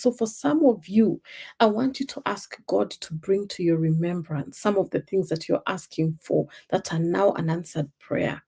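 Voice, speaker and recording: A woman's voice: medium pitch, mellow, breathy edge. A woman with a Kenyan accent giving an emphatic motivational talk on a live stream, often repeating her key points. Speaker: life purpose coach.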